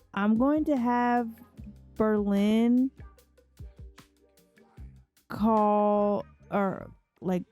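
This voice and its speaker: A woman's voice: fairly high pitch, dark tone. A woman casually commenting on her gameplay in a chatty way, talking to her characters as she plays. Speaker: let's play host.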